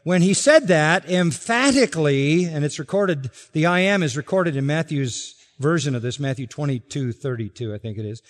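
A man's voice: fairly high pitch, moderate pace, hardly any pauses. Emphatic preacher man in a reverberant hall. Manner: emphatic, swings between quiet asides and loud stressed quotes. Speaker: pastor. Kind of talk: expository sermon.

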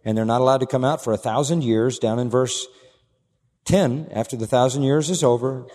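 A man preaching an expository sermon as pastor, emphatic, swinging from low asides to raised declarations. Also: normal speed, mellow. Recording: long hall reverb.

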